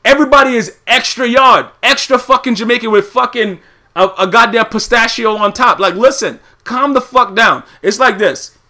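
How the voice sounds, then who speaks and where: A man hosting a podcast, animated and profane in a casual rant, who keeps asking "you know what I'm saying". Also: very high voice, normal speed. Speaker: podcast host.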